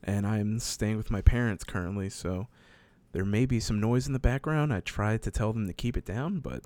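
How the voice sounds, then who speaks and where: Laid-back man in his late twenties, podcast co-host, relaxed casual delivery, dry recording. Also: fairly low pitch, moderate pace, no room sound. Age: late 20s. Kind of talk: casual chat.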